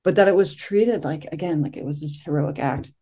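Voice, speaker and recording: Middle-aged meditation teacher, warm mellow tone, soft-spoken, gentle, reflective, unhurried pauses. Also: mid-range voice. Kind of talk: reflective dharma talk after a sit.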